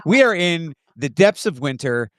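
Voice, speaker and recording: A man co-hosting a casual podcast, playful and animated with many fillers, on a close mic. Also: fairly high pitch, a little slow, no echo. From United States. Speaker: podcast co-host.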